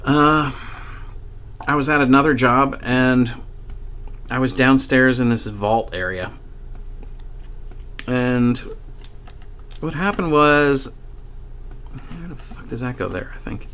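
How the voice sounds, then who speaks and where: A man's voice: mid-range voice, slow pace, pauses often, a bit bright, smooth. A man vlogging about a paranormal experience, rambling and profane as he tells the story, with frequent restarts and chuckles. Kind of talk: casual storytelling monologue.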